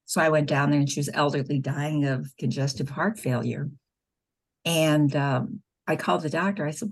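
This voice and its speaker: Speaking in a deep, slightly rough voice with vocal fry, a middle-aged nurse and pro-life spokeswoman recounts patient stories in an interview. She tells them earnestly and conversationally, voicing the dialogue herself.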